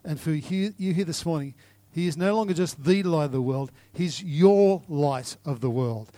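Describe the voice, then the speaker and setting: In a church service, a male pastor with a fairly high voice preaches a sermon and closing prayer at a moderate pace, his earnest, repetitive cadence building to fervent declarations. There's no room sound, but loud guitar music plays behind him.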